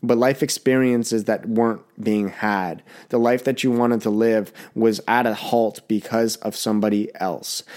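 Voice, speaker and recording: Young male podcast host, a bit under the weather, low-ish voice, blunt and loose, curses casually. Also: darkish tone, clean tone. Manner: blunt, rambling, swears freely. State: a little sick, coughing. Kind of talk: casual solo podcast monologue.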